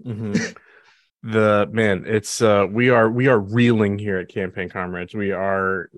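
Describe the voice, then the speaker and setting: A man's voice: on the low side, steady tone, measured pace, no echo. A man hosting a casual gaming podcast, talking in a meandering, laid-back way. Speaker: podcast host. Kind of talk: casual chat.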